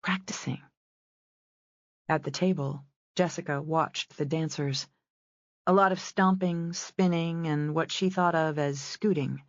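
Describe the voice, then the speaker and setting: A woman narrating a romance audiobook in a measured storytelling style. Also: low-pitched, fairly even intonation, no room sound, muffled recording. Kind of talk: scripted narration.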